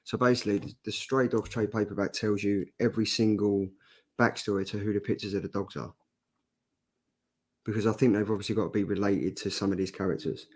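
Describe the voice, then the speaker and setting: A man's voice: on the low side, fairly even intonation, brisk, a little mellow, husky. A man hosting a casual comic review show, reading viewer comments and laughing easily. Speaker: host.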